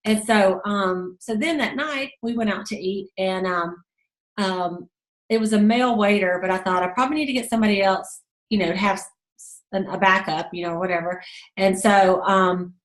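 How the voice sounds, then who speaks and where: A woman's voice: moderate pace, echoey room. A woman leading a sales team call, telling a story in a chatty way and acting out the voices of others. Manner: chatty storyteller, acts out quotes in a high voice. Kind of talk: motivational team call talk.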